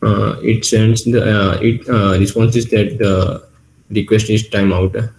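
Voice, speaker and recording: A man's voice: on the low side, little pitch movement, slow, creaky, a little mellow, reverberant, a little hiss or hum, poor audio. A young man answering a teacher's exam questions hesitantly over a video call, unsure of his answers. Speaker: student in an oral exam.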